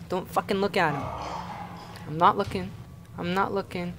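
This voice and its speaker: A man's voice: high voice, measured pace, long pauses, a bit bright, slight background noise. A young man from Canada playing a horror game and commenting in a panicky, swearing way, often repeating himself in frantic bursts. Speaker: gaming YouTuber.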